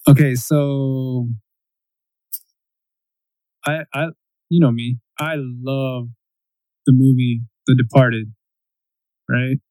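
A man in casual chat, ranting in an animated, profane way and mimicking quotes in a raised voice. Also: mid-range voice, extremely slow, pauses often, no room sound, low-quality recording.

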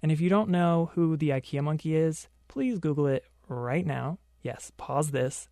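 A man's voice: on the high side, animated, moderate pace, warm tone, no room sound, clean studio sound. A young man hosting a pop culture podcast on his own, delivering sarcastic commentary full of joking asides. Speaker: podcast host.

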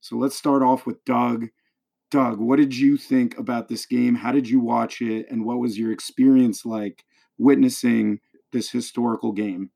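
Male podcast host, energetic sports talk, leans into drama. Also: mid-range voice, measured pace, vocal fry. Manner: enthusiastic, dramatic storytelling.

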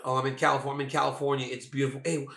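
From a hotel room on a video call, a man co-hosting a fight talk show plays around, teases, repeats himself and laughs a lot. He talks rapid-fire in a flat, creaky, fairly bright medium-pitched voice, with echo in the room.

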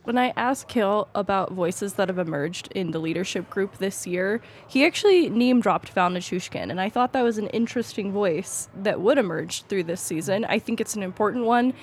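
A woman's voice: medium pitch, normal speed, few pauses, slight background noise. A woman reporter giving thoughtful analysis in a casual sports podcast.

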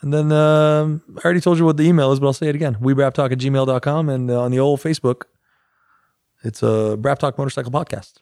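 A man's voice: mid-range voice, fairly even intonation, fast talker, darkish tone, dry recording, studio quality. Casual, joking male podcast co-host. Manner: joking, rambling, mock-heroic asides.

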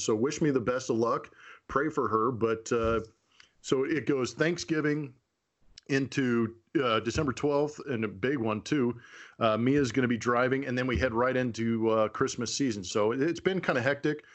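A man in his forties co-hosting a podcast, talking in an earnest, chatty, plain-spoken way. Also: mid-range voice. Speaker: podcast co-host. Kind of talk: casual podcast chat.

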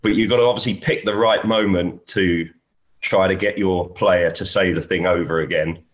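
A man's voice: low-pitched, steady tone, normal speed. A man, a golf caddy, telling anecdotes in a casual chat and often laughing as he talks.

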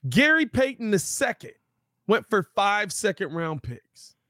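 A man co-hosting a casual sports podcast, talking in animated, emphatic riffs. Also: sits high, dry recording, studio quality. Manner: animated, emphatic riffing with dramatic pauses.

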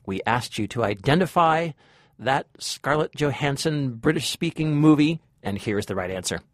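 A man's voice: medium pitch, animated, normal speed, dry recording, studio quality. A man co-hosting a movie podcast, rambling and joking at his own expense. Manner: self-deprecating, rambling, laughs often. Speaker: podcast co-host. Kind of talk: casual movie review chat.

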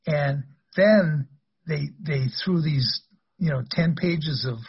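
Husky older man telling stories. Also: on the high side, takes it slowly, highs cut off. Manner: rambling, anecdotal, laughs through stories. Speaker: guest, former wrestler. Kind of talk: casual storytelling interview.

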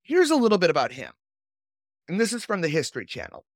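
A woman's voice: lowish voice, huge pitch swings, fast, no echo, studio quality. A woman hosting a podcast, reading sources aloud and chatting in a sardonic, storytelling way. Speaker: podcast host.

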